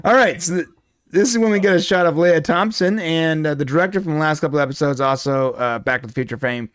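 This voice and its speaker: A man's voice: on the high side, quick pace, fairly bright tone, clean tone, dry recording, studio quality. A man co-hosting a casual pop culture podcast, rambling and joking with frequent restarts. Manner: rambling, jokey, many restarts. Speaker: podcast co-host.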